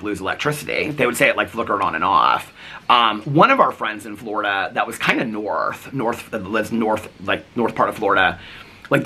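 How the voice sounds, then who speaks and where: A man's voice: on the low side, pushed and bright. A man vlogging casually to camera, telling a long story full of fillers and quoted dialogue.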